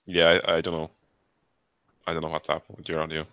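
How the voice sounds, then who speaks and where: A man co-hosting a podcast over a video call, talking in a halting, rambling way with many restarts. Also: extremely low pitch, completely flat delivery, clear, resonant tone, dry recording. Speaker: podcast co-host. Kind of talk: casual chat. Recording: muffled lo-fi call audio.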